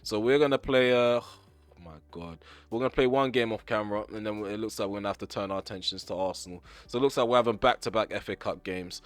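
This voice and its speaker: Hoarse, ranting young man commentating gameplay. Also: fairly low pitch, fairly even intonation, fast talker, hardly any pauses, no echo. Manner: frustrated, ranting, blunt with mild swearing. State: voice getting hoarse. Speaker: gaming YouTuber.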